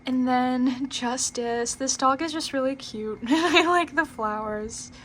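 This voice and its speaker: A woman's voice: on the high side, a bit bright, slight background noise. A young woman casually reviewing a tarot deck, chatty and giggly, with lots of fillers and restarts.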